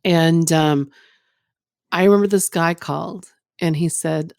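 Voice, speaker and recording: A frank, candid woman with a lowish voice, rambling through stories in an easygoing podcast chat. The sound is dry and close, with no room echo. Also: measured pace, gravelly, darkish tone. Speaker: guest, former phone sex operator.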